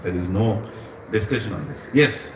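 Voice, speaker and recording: A man's voice: lowish voice, normal speed, noisy background. A man with an Indian English accent, giving a devotional talk that tells stories, asks the audience questions and laughs often. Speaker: spiritual teacher. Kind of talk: devotional satsang lecture. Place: room with a small gathering. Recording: echoey room, voice from far off.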